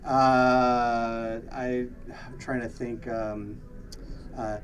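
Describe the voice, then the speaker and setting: A man's voice: mid-range voice, flat delivery, drawn-out words, distant mic, a little hiss or hum, poor audio. A man co-hosting a podcast in casual chat, with lots of fillers and laughter. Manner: laughs often, many fillers and restarts. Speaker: podcast co-host.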